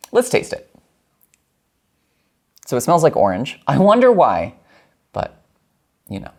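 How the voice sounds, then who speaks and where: A man's voice: mid-range voice, wildly swooping pitch, unhurried, long pauses. A man hosting a home cocktail show, chatting playfully as he mixes and tastes drinks and laughing often. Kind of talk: casual cocktail demo.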